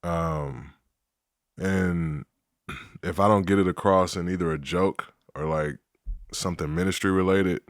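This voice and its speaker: A man speaking as a podcast guest, measured and candid, with a dry sense of humor. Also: low-pitched, steady tone, no echo. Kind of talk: casual interview chat.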